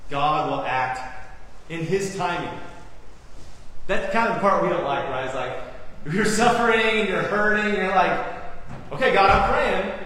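A middle-aged man preaching a sermon, acting out quotes and swinging from loud to hushed. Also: high-pitched, expressive, moderate pace, long pauses. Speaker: pastor. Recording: echoey hall, voice from far off.

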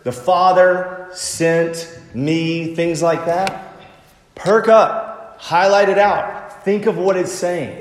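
Male pastor, slightly high voice, slow deliberate sermon, echoey sanctuary. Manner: slow, emphatic preaching with lively swings between loud and soft.

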